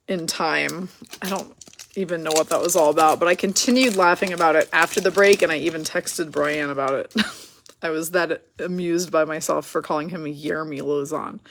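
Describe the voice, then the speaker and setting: Gravelly-voiced woman hosting a card break. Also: lowish voice. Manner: chatty, quick rundown of names and teams, laughs at herself. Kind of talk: live card break commentary.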